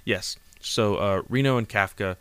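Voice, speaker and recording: Man, casual comic recap, rambling, lots of fillers, smooth clear voice, fairly low. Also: a little slow, a bit bright, no echo. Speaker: manga recap vlogger.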